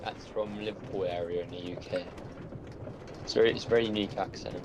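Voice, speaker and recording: A man's voice: sits low, fairly even intonation, a little fast, background noise. A man chatting casually while playing a game with friends, joking and trailing off with fillers. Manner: joking, hesitant, many fillers. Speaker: co-player. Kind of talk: casual gaming chat.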